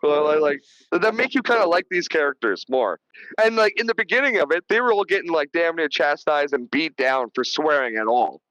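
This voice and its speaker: A man's voice: on the high side, sing-song, a little fast, a bit bright, no echo, highs cut off. A man hosting a podcast, rambling through a casual movie review with lots of swearing and restarts. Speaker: podcast host.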